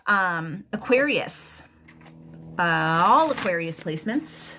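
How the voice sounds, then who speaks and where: A woman's voice: lowish voice, animated, slow pace, noisy background. A young adult woman giving a live tarot reading, chatty and emotional, rambling with lots of fillers and restarts. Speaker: tarot reader.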